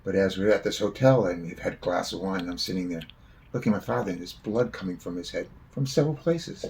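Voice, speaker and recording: A man tells a long personal anecdote, wandering from detail to detail. His voice sits low with a gravelly, creaky edge. His speech is loose and profane, and a faint background hum lies under it. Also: fast, darkish tone. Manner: long-winded, swears freely. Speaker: storyteller.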